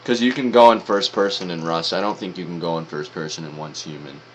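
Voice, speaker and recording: A man's voice: deep voice, a little fast, a little hiss or hum. A man streaming, giving casual, slangy reaction commentary with some swearing.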